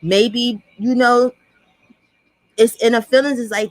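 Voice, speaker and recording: A woman vlogger giving blunt, profane reaction commentary in a fast, ranting way. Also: fairly high pitch, fairly even intonation, no room sound.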